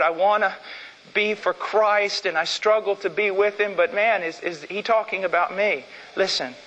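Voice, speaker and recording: A man preaching a sermon with fervor, repeating phrases for emphasis and swinging from loud to low. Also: long reverb tail, dull audio.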